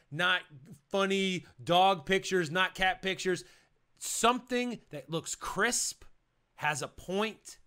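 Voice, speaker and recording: This man coaches people on presenting, hammering his main points with repetition in a punchy, emphatic, energetic way. His voice is on the high side, bright, and forceful.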